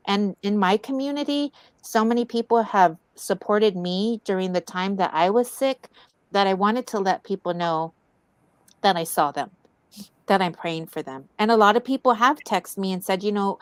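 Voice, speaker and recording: Woman co-host, earnest and encouraging; smooth, clear voice, dry close sound. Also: medium pitch, moderate pace, no room sound. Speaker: wellness event co-host. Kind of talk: heartfelt community talk.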